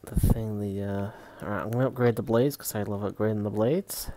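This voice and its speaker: A man's voice: on the low side, steady tone, fairly quick, dark tone. A man hosting a gaming livestream, casually explaining the game and swearing freely. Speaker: livestream host playing a game.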